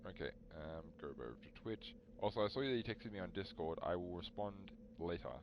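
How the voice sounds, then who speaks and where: Brief: a young, very low-voiced streamer, chatty and animated, faint hiss behind. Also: male voice, brisk, muffled recording. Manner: rambling, animated, talks to chat. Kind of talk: casual storytelling on a live stream.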